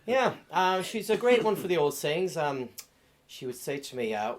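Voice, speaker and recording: A middle-aged man doing a deadpan stand-up comedy set on a club stage, with many ums and uhs. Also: fairly high pitch, moderate pace.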